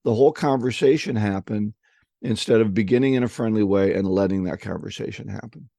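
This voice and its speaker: Man, fairly low voice, dry close sound; chatty co-host who spins anecdotes and repeats words as he goes. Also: a little fast, gravelly, warm tone, no echo. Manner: storytelling, acts out voices in anecdotes; frequent restarts and repeated words. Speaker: podcast co-host. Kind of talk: casual conversation on selling.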